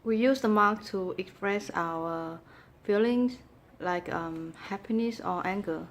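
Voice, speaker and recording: A woman's voice: medium pitch, takes it slowly, slight background noise. A woman student giving short, hesitant answers in class.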